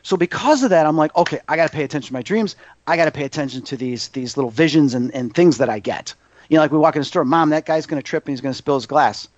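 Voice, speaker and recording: Brief: man in his fifties, higher voice, lively storyteller, dry muffled sound. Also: fast talker. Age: 50s. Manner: animated, acts out quoted voices. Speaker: psychic medium guest. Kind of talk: casual storytelling interview. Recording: dull muffled audio.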